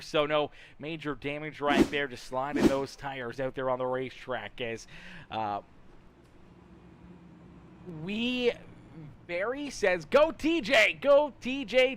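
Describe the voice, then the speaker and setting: A man with a fairly high voice does live commentary for a sim racing league. He moves between calling the cars and bantering with viewers, repeating his own phrases and stumbling over words as he goes. His delivery stays loose and conversational. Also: noisy background. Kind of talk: live play-by-play commentary mixed with chat replies.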